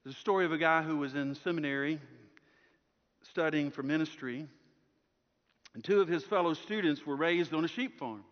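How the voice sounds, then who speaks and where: A male pastor with a somewhat high voice delivers a sermon to his congregation. He tells his story dynamically, pressing out loud one moment and dropping to a near-hush the next. The sound is dull and lo-fi, with a long reverb trailing off the church walls. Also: normal speed, pauses often. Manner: storytelling, swinging from strong projection to hushed softness.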